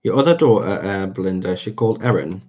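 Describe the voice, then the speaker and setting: Male stream host, casual chat with viewers, slightly low voice, dull lo-fi audio. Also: fast talker. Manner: chatty, answers viewers by name. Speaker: livestream host. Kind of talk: casual livestream chat while colouring.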